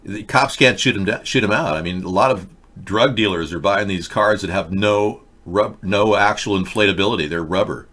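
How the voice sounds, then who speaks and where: A man hosts a live online talk show, commenting casually on whatever is on screen. His voice sits low and fairly monotone, and he rambles along, tossing wry asides to the viewers in the chat. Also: moderate pace. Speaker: host.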